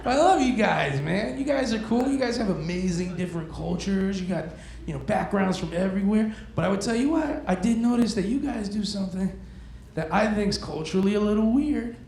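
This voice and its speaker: A man works a comedy club crowd with casual, crude banter. His voice sits high and has a gravelly edge. The room is echoey, with faint crowd noise behind him. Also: a little fast, a little mellow. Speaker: stand-up comedian. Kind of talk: stand-up comedy set.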